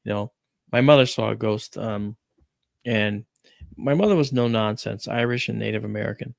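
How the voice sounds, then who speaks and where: A man's voice: fairly low pitch, normal speed, vocal fry, no room sound. A man hosting a talk stream, chatting casually and telling a family story with lots of animation. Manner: animated storyteller, acts out quoted voices. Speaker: podcast host.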